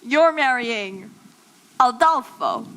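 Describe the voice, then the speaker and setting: A woman's voice: fairly high pitch, very animated, slow pace, bright, forceful tone, full character voice, poor audio. A woman playing a vain young bride and stage star, dramatic and flustered on a stage. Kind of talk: stage musical acting.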